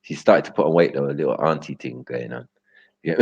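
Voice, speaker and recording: With a very deep, gravelly voice that has a breathy edge, a young livestream host banters with his chat in loose street slang at a moderate, sing-song pace. He rambles and laughs often, and the lo-fi stream audio is dull with no echo.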